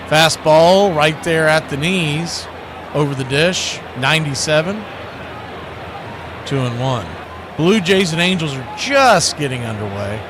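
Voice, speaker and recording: Man calling baseball play-by-play, noisy stream. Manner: steady pitch-by-pitch calling, rising excitement on big plays. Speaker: play-by-play announcer.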